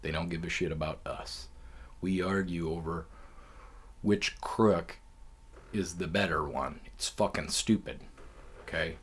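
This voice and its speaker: Blunt, deep-voiced male podcaster. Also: a little slow, long pauses, breathy edge. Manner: blunt, profane, opinionated. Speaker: podcast host. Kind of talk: casual opinion podcast.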